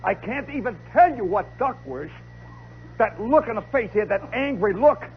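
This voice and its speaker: A man telling a comic story live, animated and dramatic, with chatty asides to the listener. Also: high-pitched, moderate pace. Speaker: radio storyteller. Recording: lo-fi 1960s radio recording with faint hiss.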